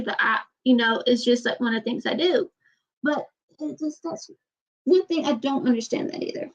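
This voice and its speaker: A woman talks to the camera in a loose, halting way, with many restarts and trailing sentences. Her voice sits a little high. The recording sounds dull and lo-fi. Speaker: vlogger. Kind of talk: casual personal talk to camera.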